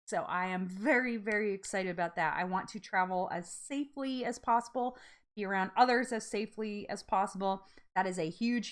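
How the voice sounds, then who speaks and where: Bubbly, chatty woman host. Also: medium pitch. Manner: bubbly and chatty, laughs often, reacts loudly to comments. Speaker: host of a live support chat stream. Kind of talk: casual live-stream chat reading comments.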